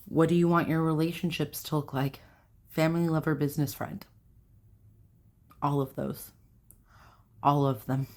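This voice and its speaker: A woman's voice: low voice, flat delivery, normal speed, long pauses, darkish tone. A young adult woman hosting a self-help video, talking casually to camera in a rambling way, with fillers and self-corrections.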